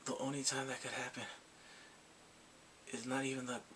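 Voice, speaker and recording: A man recapping a drama episode in a casual, excited way, acting out the characters' lines and his own reactions. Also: mid-range voice, moderate pace, slight background noise. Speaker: drama reviewer.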